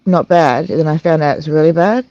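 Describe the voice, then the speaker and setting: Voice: medium pitch, dry recording, highs cut off. An adult talking candidly at a recovery meeting, with many restarts, fillers and laughs while recounting. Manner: halting, frequent restarts and fillers. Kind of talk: candid personal sharing. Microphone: online video call.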